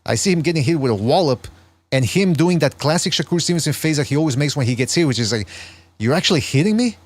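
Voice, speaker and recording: A man's voice: a little high, lively intonation, fast talker, darkish tone. A man hosting a podcast, commenting on a sparring clip with wry, rambling asides. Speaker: podcast host.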